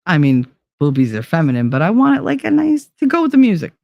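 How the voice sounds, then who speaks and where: A woman hosts a casual livestream, reading viewer messages and chatting in a profane, animated way. She laughs often as she talks. The sound is dry and close, with no room echo. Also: on the low side, fast, creaky, muffled recording. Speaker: livestream host.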